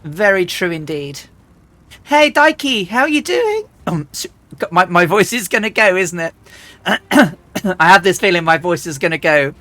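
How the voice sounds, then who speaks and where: A woman streamer chatting casually and rambling as she flies a simulator, often restarting and clearing her throat. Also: fairly low pitch, moderate pace, bright, forceful tone, no room sound. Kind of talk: casual live-stream chat while flying a flight simulator.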